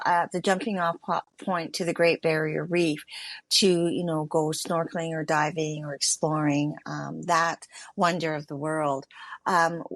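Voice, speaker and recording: A woman with a lower voice describes her travels in a chatty, meandering way, full of little pauses. Her sound is dry and close to the mic. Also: no room sound. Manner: chatty, many fillers and restarts. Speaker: travel expert guest. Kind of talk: casual conversational recap.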